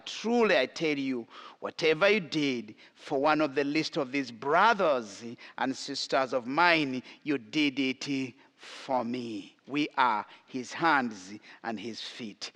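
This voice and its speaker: Slow, emphatic preacher in a reverberant hall. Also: male voice, mid-range voice, a bit bright. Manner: emphatic, repeats key lines for stress. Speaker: pastor. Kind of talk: sermon. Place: church sanctuary.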